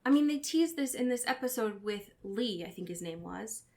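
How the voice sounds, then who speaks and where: A woman's voice: on the high side, animated, normal speed, a little mellow. A woman co-hosting a podcast in casual chat, retelling scenes in quoted voices and swearing casually. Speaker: podcast co-host. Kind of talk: casual chat recapping a TV show.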